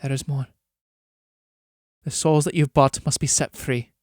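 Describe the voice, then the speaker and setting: A noble countess, grave and ready to sacrifice herself, voiced by a man. She speaks softly, solemnly and slowly into a close, dry mic. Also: mid-range voice, steady tone, dry recording, close to an everyday voice.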